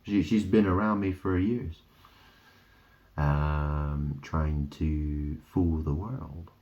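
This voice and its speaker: Brief: low, dark-toned man, slow rambling talk, dull lo-fi recording. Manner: rambling, wandering wordplay, trailing off. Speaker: vlogger. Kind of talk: rambling monologue.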